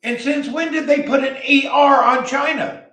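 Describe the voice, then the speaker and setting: A man from the American South with a Southern accent, delivering a blunt, heated opinion rant as a vlogger and often shouting. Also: very high voice, fairly even intonation, normal speed, roomy sound, recorded from a distance, rough recording.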